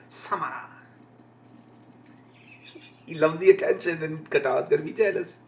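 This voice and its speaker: Man, swearing, laughing comic-reading streamer, fairly high voice. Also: moderate pace, pauses often, darkish tone. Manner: profane, laughing, rambling. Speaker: reaction streamer. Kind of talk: live comic-reading reaction.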